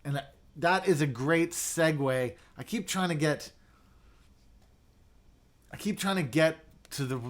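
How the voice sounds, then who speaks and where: This man's voice is a little high, and he talks slowly with long pauses. He's hosting a casual livestream, chatting loosely and reading out viewer comments, full of fillers and restarts.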